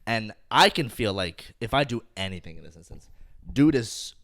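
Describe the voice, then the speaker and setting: A man's voice: on the low side, moderate pace. A young man co-hosting a podcast, telling a story in casual comedic style and often checking in with "right?". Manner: animated, keeps checking in with "right?". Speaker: podcast co-host.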